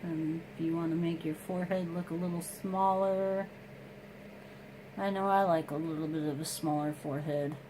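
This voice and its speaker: A woman's voice: sits low, steady tone, moderate pace, noisy background. A woman chatting casually through a makeup tutorial at home, explaining each step and joking about herself. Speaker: beauty vlogger.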